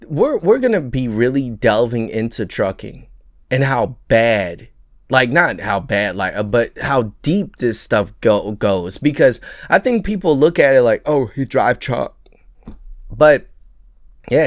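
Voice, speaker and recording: This is a casual vlog rant by a truck driver with a New York accent, filmed in his truck cab. He talks animatedly in a mid-range voice, stammering, restarting, and mocking people with put-on voices, and the audio is clean studio sound without echo.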